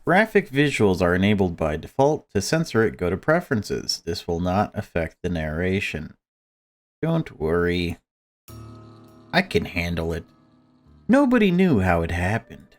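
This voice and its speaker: A man's voice: low-pitched, big pitch swings, measured pace, soft background music. A young man reading a horror visual novel aloud, with joking commentary between the lines. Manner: jokey, laughs at himself. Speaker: gaming YouTuber.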